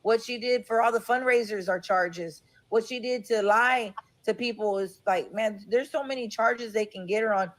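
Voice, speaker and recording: A woman's voice: a little high, moderate pace, hardly any pauses. A woman hosting a live stream, chatting casually and sympathetically with a caller. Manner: sympathetic, says dude a lot. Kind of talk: casual chat.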